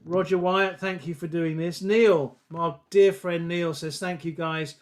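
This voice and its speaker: High-voiced playful host. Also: male voice, fairly even intonation, measured pace. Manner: playful, teasing, reads out viewer messages. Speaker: festival stream host. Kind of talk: casual live-stream presenting.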